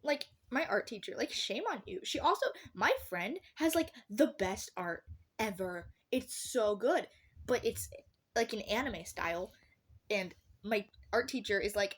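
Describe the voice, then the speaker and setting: A woman's voice: medium pitch, animated, normal speed, a little hiss or hum. A teenage girl talking casually about art as a vlogger, chatty and sarcastic, laughing often and swearing now and then. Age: teens. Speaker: artist vlogger. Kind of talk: casual chat.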